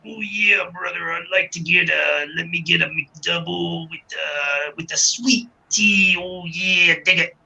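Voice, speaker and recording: Gravelly wrestler guy hollering his order, bright edgy tone, a podcaster putting it on. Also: fairly high pitch, measured pace, hardly any pauses, heavily acted, low-quality recording. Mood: boastful. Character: gravelly hyped-up male wrestling star ordering fast food.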